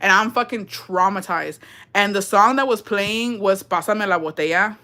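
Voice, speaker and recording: A young woman livestreaming, telling a story to her viewers in an animated, profanity-laden way and slipping in Spanish phrases. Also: medium pitch, normal speed, a little hiss or hum.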